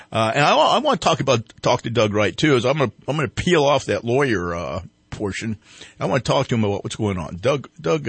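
A man's voice: on the low side, husky, dry recording. A man hosting a morning talk radio show, chatting casually and rambling with many fillers and restarts. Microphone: studio microphone.

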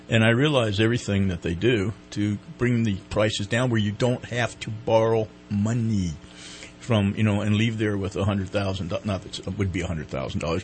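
A man's voice: fairly low pitch, a little hiss or hum. A man co-hosting a local radio show, chatty and jokey as he reads community announcements. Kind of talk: casual radio chat. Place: radio studio.

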